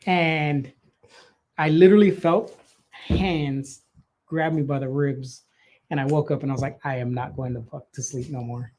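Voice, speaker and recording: A man's voice: medium pitch, steady tone, moderate pace, dark tone, slight background noise. A man co-hosting a podcast, telling a story in casual, profane chat. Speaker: podcast co-host.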